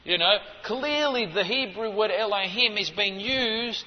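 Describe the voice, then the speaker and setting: A man preaching a sermon, teaching in an emphatic way and rising to forceful stresses. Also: sits high, measured pace, a little hiss or hum. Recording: dull audio with long hall reverb.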